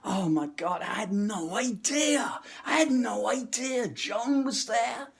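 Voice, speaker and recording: A man's voice: very high-pitched, slow pace, gravelly, pitched above the performer's own voice, heavily acted. A man putting on an overly apologetic friend who begs forgiveness at length. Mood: pleading. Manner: pleading, gushing apologies, drawn out.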